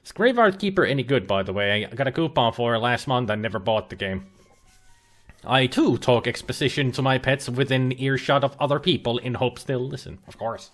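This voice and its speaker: A male game streamer talking casually and loosely, with fillers and restarts as he plays. His voice is mid-pitched and moves expressively, with plenty of rise and fall. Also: expressive, a little fast. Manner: chatty, rambling, with frequent fillers and restarts. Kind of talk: casual livestream commentary. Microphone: webcam and laptop setup.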